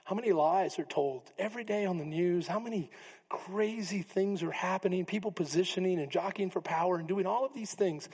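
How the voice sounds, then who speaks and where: A male pastor, preaching a sermon, animated and humorous, acting out the voices in the story. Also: high-pitched, brisk, husky. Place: church sanctuary. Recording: long reverb of a church hall.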